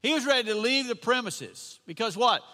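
A pastor preaches in a very high, lively voice that rises and falls. He drives his points home by repeating lines and firing questions at the congregation. The sound is piercingly bright, carried on the long reverb of a church hall. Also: fairly quick. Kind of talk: sermon.

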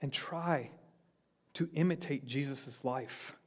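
A man, a pastor, preaching a sermon in an earnest way, rising for emphasis and then dropping low. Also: slow pace.

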